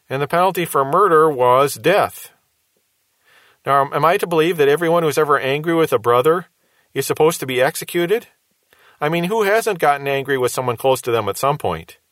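A man's voice: a little high, a bit bright, no room sound. A man giving a radio Bible teaching in an earnest, reasoning way, posing rhetorical questions to his listeners.

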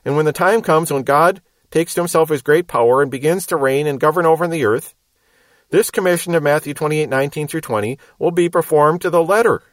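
Measured man teaching Scripture verse by verse. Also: on the high side, no echo. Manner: measured, explanatory, emphatic on key words. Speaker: Bible teacher.

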